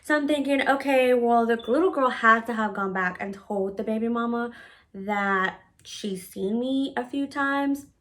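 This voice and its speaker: A woman's voice: on the high side, measured pace. Blunt, profane woman telling a story. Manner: blunt and profane, with lots of filler words; animated retelling, often acting out her own past words. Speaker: storytime vlogger. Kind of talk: casual storytime monologue.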